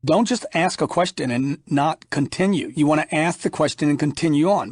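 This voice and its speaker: A man's voice: on the high side, moderate pace, few pauses, dry recording. Emphatic man teaching sales, dry studio. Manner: emphatic and punchy, acts out sales dialogues. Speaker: sales trainer reading his audiobook. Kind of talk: instructional audiobook narration.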